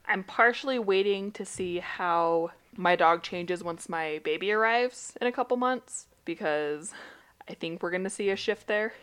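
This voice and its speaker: A young woman co-hosting a podcast from home over a call, telling lively stories in casual chat and laughing often. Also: on the low side, a little slow, smooth. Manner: animated storyteller, laughs often. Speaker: podcast co-host. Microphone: remote call headset.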